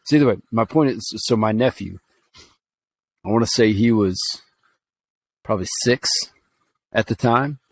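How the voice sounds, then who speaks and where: A man's voice: fairly low pitch, moderate pace, long pauses, no echo. A man from Alabama telling a personal story on a podcast, earnest and rambling, with fillers and restarts. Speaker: podcast co-host.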